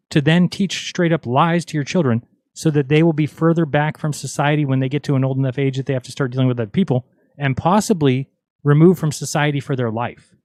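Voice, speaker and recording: A man's voice: fairly high pitch, darkish tone, no room sound, studio quality. A man hosting a livestream, talking casually in an exasperated, mocking, argumentative way. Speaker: livestream host. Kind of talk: casual ranting livestream talk.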